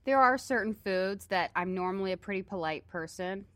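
A woman's voice: mid-range voice, normal speed, fairly bright tone. A woman co-hosting a casual food podcast, wry and teasing with mock-dramatic jokes. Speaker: podcast co-host. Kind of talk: casual chat.

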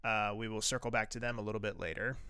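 Man, podcast co-host, casual recap, bright and crisp tone, dry close sound, lots of "uh" fillers. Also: lowish voice, fairly even intonation, fast talker, no room sound. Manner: rambling, frequent "uh" fillers and restarts.

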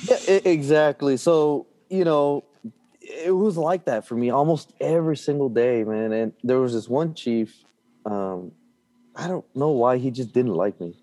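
A man with a warm, mellow voice talks through a story from his working life. He is animated and blunt, with casual swearing and plenty of fillers. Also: medium pitch, a little slow. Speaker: guest.

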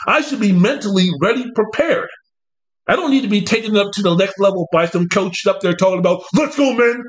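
Animated high-voiced man talking sports. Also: fairly quick. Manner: rambling, animated, jumps into mocking coach impressions. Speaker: podcast host. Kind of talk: casual sports talk monologue.

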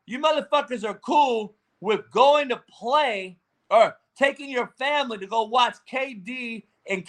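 A man ranting in profane, combative sports talk, with shouting bursts. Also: very high-pitched. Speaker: sports commentator.

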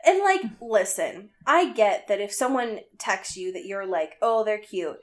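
A young woman talks through a book she dislikes, sarcastic and blunt, peppering her talk with "um" and "like" and the odd swear word. Her voice sits in a middling range and is relaxed. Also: mid-range voice, unhurried. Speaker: podcast co-host. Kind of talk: casual book discussion.

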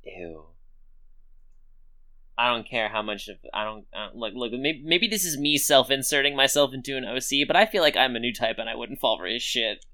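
A podcast co-host in casual chat about an anime series, excitable and freely profane. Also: mid-range voice, moderate pace. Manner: animated, excitable, swears freely.

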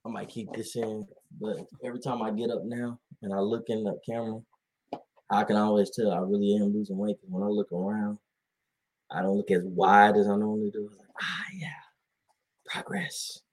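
A laid-back man in an easy conversation, his voice a little low and husky. He muses in slangy, unhurried phrases. Now and then he speeds up as he gets into a point. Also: level tone, darkish tone, low-quality recording. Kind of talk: casual chat.

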